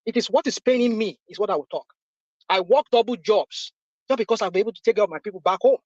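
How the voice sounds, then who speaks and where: A Nigerian man in his fifties with a high voice argues bluntly and with passion, repeating himself to drive each point home. The audio is dry and dull, like lo-fi voice-chat sound. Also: no echo. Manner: impassioned, repetitive, blunt. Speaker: discussion panelist. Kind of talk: heated live audio chat.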